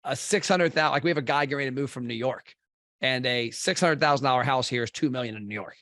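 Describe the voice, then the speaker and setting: A man's voice: medium pitch, fast, a bit bright, no echo. A middle-aged man from Kentucky, a marketing company head, talking bluntly and intensely as a podcast guest and swearing casually. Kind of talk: blunt conversational interview.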